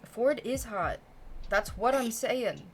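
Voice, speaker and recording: A woman's voice: a little high, animated, takes it slowly, a little hiss or hum. A young woman streamer chatting casually and reading fan fiction aloud, playful and giggly, swearing freely.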